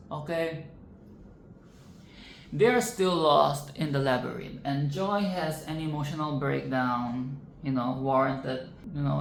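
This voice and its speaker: A film reviewer giving casual reaction commentary, rambling and playful, swearing and tossing in sarcastic asides. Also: mid-range voice. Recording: roomy echo with faint background noise.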